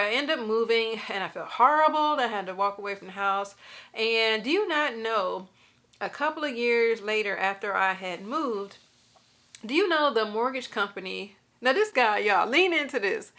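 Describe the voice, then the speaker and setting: A woman vlogging a personal faith testimony in a casual, lively way, talking straight to her viewers and laughing through her stories. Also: mid-range voice.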